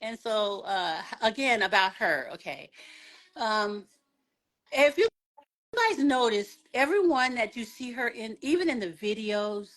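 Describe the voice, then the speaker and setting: A woman's voice: fairly high pitch, unhurried. A woman from Memphis, a guest telling a story in a casual interview and acting out what people said. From Memphis, Tennessee. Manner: animated, acts out quotes, laughs often.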